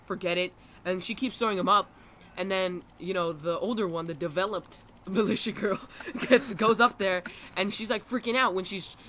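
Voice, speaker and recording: A man's voice: high voice, bright, forceful tone, a little hiss or hum. A teenage boy telling a funny story casually, acting out quotes and laughing often.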